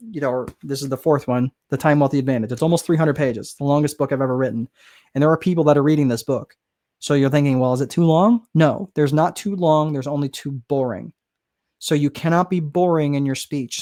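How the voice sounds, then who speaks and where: A man's voice: on the high side, darkish tone. A middle-aged man explaining how to write a book in a casual, rambling way, full of fillers and restarts. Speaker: business author and course host. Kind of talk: casual teaching monologue.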